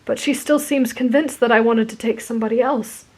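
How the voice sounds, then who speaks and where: A woman's voice: on the high side, steady tone, fairly quick, voice pushed up, natural voice. A woman voicing a shy, nervous teenage boy who stammers and apologizes, in a whispered role-play. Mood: flustered.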